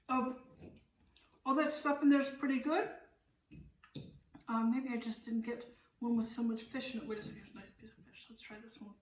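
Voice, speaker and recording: A woman's voice: sits high, fairly bright tone, far from the mic. A woman chatting casually in a home cooking vlog, rambling and candid as she tastes and critiques her own food in her kitchen. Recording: roomy kitchen, voice off-mic.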